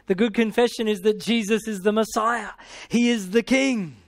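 A man's voice: sits high, steady tone, moderate pace, creaky. An Australian man preaching a sermon, punctuating his teaching with hallelujah and amen and paraphrasing scripture playfully.

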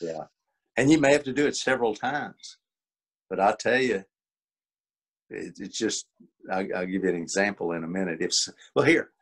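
An older coach and workshop leader teaches a webinar over a video call, his low voice animated at normal speed but broken by long pauses. He explains in a folksy way, acting out examples.

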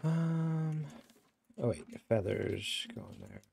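Gravelly young man narrating his gameplay. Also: fairly low pitch, animated, takes it slowly, a little mellow, slight background noise. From upstate New York. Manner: chatty, narrates what he reads and does. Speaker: streamer. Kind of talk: casual gameplay chat.

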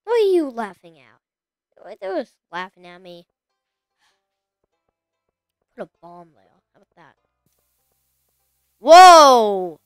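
A woman streaming a video game, chatting casually and talking to the characters on screen with sudden excited exclamations. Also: medium pitch, normal speed, no room sound, studio quality, faint music behind. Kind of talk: casual gameplay commentary.

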